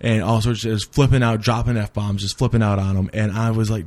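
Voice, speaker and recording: A man telling a rambling story in casual chat, animated and full of swearing, acting out what people said. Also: on the low side, a little fast, hardly any pauses, dry recording. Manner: animated, swears a lot, acts out quotes.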